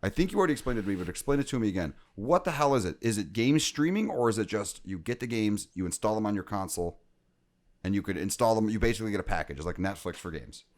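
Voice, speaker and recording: A man's voice: fairly low pitch, expressive, fast. A man co-hosting a gaming podcast in casual chat, rambling and joking, often breaking off mid-sentence. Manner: rambling, self-interrupting, joking. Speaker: podcast co-host.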